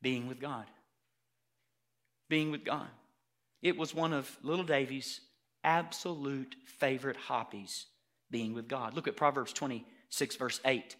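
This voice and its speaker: A man preaching a sermon emphatically and loudly, repeating words for emphasis. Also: medium pitch, steady tone, measured pace, pauses often. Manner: emphatic, loud, repetitive preaching.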